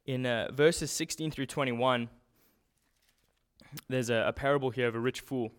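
A man preaching a sermon in a relaxed, conversational way, often restarting and using fillers. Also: mid-range voice, normal speed, clear, resonant tone.

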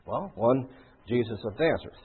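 A man preaching with a husky, somewhat high voice that rises and falls in lively swings. He talks conversationally, with rhetorical questions and frequent throat clearing. The sound is thin and tinny, like a phone line. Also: normal speed. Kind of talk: sermon.

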